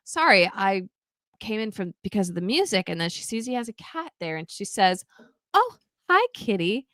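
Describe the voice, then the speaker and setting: Animated woman recapping a movie, dry close mic. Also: on the low side, no echo. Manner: animated storytelling, acts out character quotes, frequent laughs and fillers. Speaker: podcast co-host. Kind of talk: casual movie recap chat.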